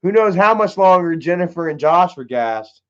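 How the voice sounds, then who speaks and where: A man's voice: sits high, animated, normal speed, a bit bright. A young man hosting a casual livestream, telling rambling stories full of swearing and answering chat. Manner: swearing, laid-back storytelling. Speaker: livestream host. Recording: dull lo-fi stream audio.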